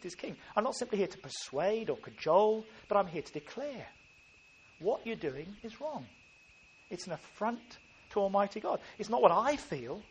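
An earnest man delivering a sermon in a slightly higher voice. He speaks with emphasis and often circles back to restart his phrases. A faint hum of ambient noise sits behind him. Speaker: preacher.

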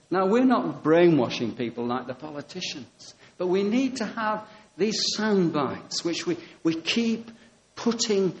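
A male preacher delivers a sermon in an animated, storytelling way, acting out dialogue and hammering home short phrases. His voice sits somewhat higher than most men's. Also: rough recording.

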